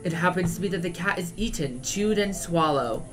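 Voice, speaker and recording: A drag queen streamer voicing an ancient, creepy old man in a video game, with a slow, quiet, creaky delivery. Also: sits high, lively intonation, soft background music.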